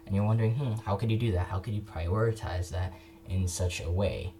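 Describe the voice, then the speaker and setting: A man's voice: low voice, a little fast, mellow, slight background noise. A young man talking casually about history in a video, rambling, restarting sentences and correcting himself. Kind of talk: casual unscripted history talk.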